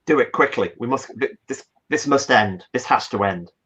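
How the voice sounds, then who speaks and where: A man's voice: mid-range voice, normal speed, fairly bright tone, breathy edge. A man playing a government adviser in a tabletop role-play, speaking earnestly and hesitantly. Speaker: player.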